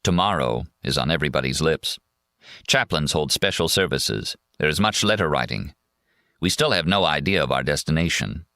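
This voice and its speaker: Deep-voiced man reading an audiobook. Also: expressive, normal speed, bright, forceful tone, no echo, studio quality. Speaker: audiobook narrator. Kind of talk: scripted narration.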